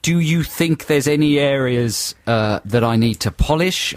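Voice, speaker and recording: A man's voice: medium pitch, a little slow, no room sound, clean studio sound. A man co-hosting a radio comedy show, joking in a mock-serious way and often giggling. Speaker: radio co-host. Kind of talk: casual comedic radio chat.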